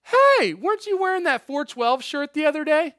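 A man voicing a nosy, teasing young servant girl who calls out accusations in a high squealing tone. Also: very animated, moderate pace, fairly bright tone, dry recording, clean studio sound, heavily acted.

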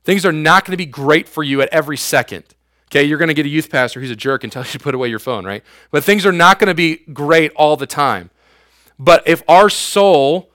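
A man's voice: mid-range voice, a bit bright, no echo, clean studio sound. A man in his thirties preaching a youth sermon as youth pastor, casual and slangy, with everyday asides to his listeners.

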